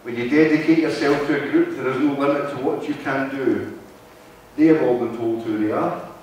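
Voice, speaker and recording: A man's voice: mid-range voice, normal speed, darkish tone, slight background noise. A man with a Wigan accent gives a conversational talk to a live audience in a meeting hall, often checking in with the room. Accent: Wigan, Lancashire. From North West England. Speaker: guest speaker. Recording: very echoey hall from far off.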